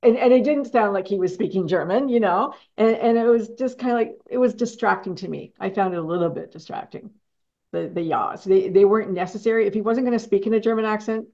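A woman's voice: mid-range voice, a little fast, dark tone, muffled recording. A woman hosting a casual film chat, talking frankly and laughing easily as she disagrees. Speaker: show host. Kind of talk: casual chat about films.

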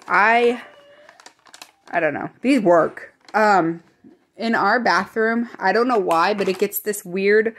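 A woman's voice: medium pitch, a bit bright, a little hiss or hum. A young woman in a casual home vlog, chatting in a rambling way and often correcting herself. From American Midwest. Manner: whispering. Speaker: vlogger. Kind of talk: casual grocery haul chat.

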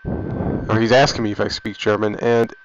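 A man who's getting sick vlogs about gaming into a headset mic, reading viewer comments in a rambling, offhand chat full of restarts. His fairly low voice swings hugely in pitch at a normal speed, and the dull lo-fi headset audio has a little hiss or hum.

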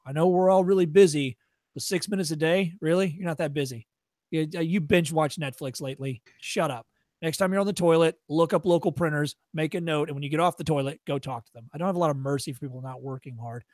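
Male workshop presenter, high voice, dry sound; blunt, profane, tough-love delivery. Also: darkish tone, no room sound. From Chicago area. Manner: acts out shopkeepers in quick voices. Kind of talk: workshop lecture.

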